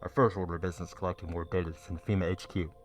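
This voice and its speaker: A man voicing a calm, measured government field agent in a game. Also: sits low, soft background music, natural voice. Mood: calm, official. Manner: measured, official.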